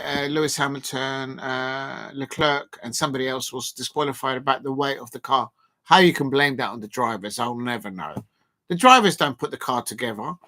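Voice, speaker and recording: A man's voice: mid-range voice, bright, forceful tone. A man hosting a casual live stream, reading out viewer comments and rambling with lots of fillers and restarts.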